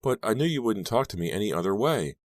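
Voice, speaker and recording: Creepy pushy teen guy, whiny and sing-songy, deep-voiced reader doing him, dry sound. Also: sing-song, fast talker, no echo. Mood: wheedling. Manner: wheedling, nervous, sing-song. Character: creepy pushy teenage boy.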